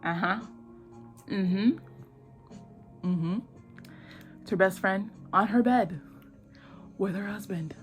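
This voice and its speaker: A young woman casually retelling a drama plot in slangy, excitable talk, acting out lines in quick voices. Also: mid-range voice, soft background music. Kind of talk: casual animated storytelling.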